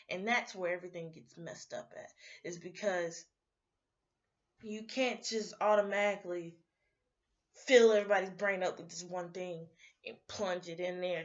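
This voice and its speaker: A sleepy young woman rambles on to her camera in a loose, chatty rant, her voice sitting at an ordinary middle pitch. The recording is a little muffled and dull, like a simple home setup. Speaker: vlogger.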